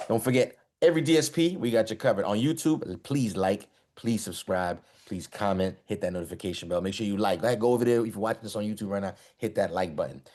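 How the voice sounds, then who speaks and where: A man hosts a live-streamed talk show with a big, energetic delivery. He talks fast in a low voice. He keeps shouting out his guests. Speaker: host. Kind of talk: hype podcast hosting. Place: online live-stream call.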